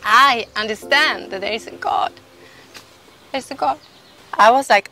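A woman's voice: a little high, bright, forceful tone. Woman giving a heartfelt testimony. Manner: emotional, halting, with frequent restarts. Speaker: testimony speaker. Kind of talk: personal faith testimony.

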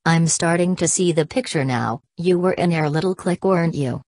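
A woman's voice: on the low side, brisk, a little mellow, no room sound. A woman reading as a betrayed young man. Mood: accusing. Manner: reads punctuation marks aloud.

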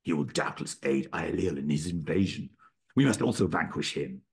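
A man's voice: extremely low pitch, moderate pace, creaky, husky, exaggerated voice. A man voicing a cold, commanding chieftain king. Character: stern, ruthless male chieftain king.

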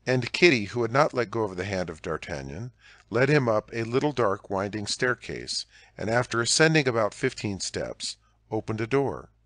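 A man narrating a classic novel as an audiobook in a measured storytelling delivery. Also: lowish voice, big pitch swings, fairly bright tone, dry recording, clean studio sound.

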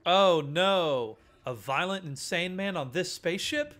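A man's voice: sits high, unhurried, fairly bright tone. A young man giving casual commentary while playing a horror game, joking, swearing often and yelping at jump scares. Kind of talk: casual let's-play commentary.

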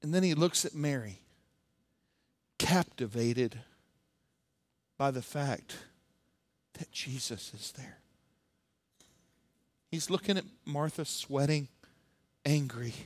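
Animated, slow-paced man preaching. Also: medium pitch, dry recording. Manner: animated, humorous storytelling. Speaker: pastor. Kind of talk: sermon.

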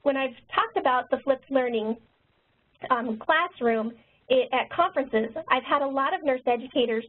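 A woman nurse educator and author who talks quickly, presenting a webinar. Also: sits high, husky. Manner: fast-talking. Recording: tinny phone-line webinar audio.

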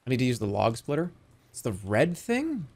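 A man's voice: mid-range voice, wildly swooping pitch, moderate pace, breathy edge. Exasperated swearing male streamer. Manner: exasperated, swearing, bursts of laughter. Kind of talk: casual game commentary.

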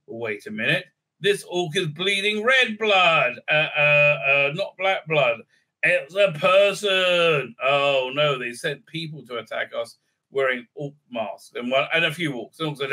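Male reviewer, sarcastic and mocking, with a very bright, tense tone and a slightly high voice. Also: expressive, measured pace. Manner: sarcastic, mocking, slips into silly put-on voices. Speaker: show host reviewing a TV episode. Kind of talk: casual recap and review.

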